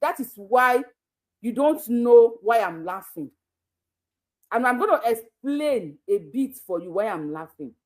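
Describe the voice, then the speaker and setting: A woman's voice: on the high side, lively intonation, unhurried. A Nigerian woman hosting her own channel, talking casually and laughing a lot, switching between Yoruba and pidgin English. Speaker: YouTube channel host. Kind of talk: casual live commentary.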